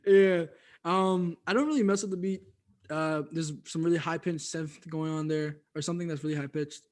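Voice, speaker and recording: Male podcast co-host, high voice, loose and laughing, lots of fillers. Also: fairly even intonation, normal speed. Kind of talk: casual music review chat.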